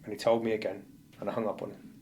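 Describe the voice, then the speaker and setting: A man's voice: fairly low pitch, flat delivery, very fast, darkish tone, a little hiss or hum. A male firefighter, a podcast guest, telling a painful personal story bluntly and vividly, acting out what people said. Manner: blunt, vivid retelling that acts out the dialogue.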